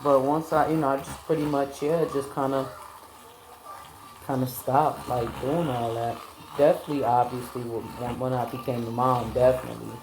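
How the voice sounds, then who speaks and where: A woman's voice: very deep voice, steady tone, moderate pace. A tired young woman, chatting casually and rambling to her viewers, with lots of fillers. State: tired, yawning. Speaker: vlogger, mom. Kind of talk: casual chat. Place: home kitchen. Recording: echoey room with background noise.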